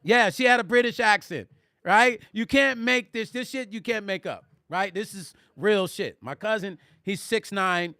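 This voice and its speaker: A middle-aged man tells stories on a casual livestream in a high, bright voice. He talks animatedly and speaks directly to his viewers. The sound is dry and close. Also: measured pace, no echo. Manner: animated, addresses viewers directly, reads chat aloud. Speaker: musician and vlog host.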